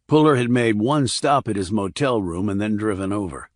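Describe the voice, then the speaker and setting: Brief: male audiobook narrator, low-pitched, steady reading, dry studio sound. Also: normal speed, dry recording. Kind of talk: scripted thriller narration.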